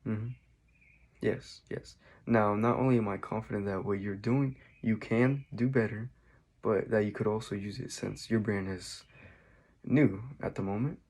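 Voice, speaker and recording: A man's voice: fairly low pitch, fairly even intonation, normal speed, darkish tone. A man making a scripted sales call to a prospect, delivering it in a subdued, meek way.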